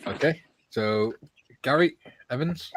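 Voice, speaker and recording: A middle-aged man hosting a livestream panel, moving things along in a brisk, playful way. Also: mid-range voice, lively intonation, dry recording. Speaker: host.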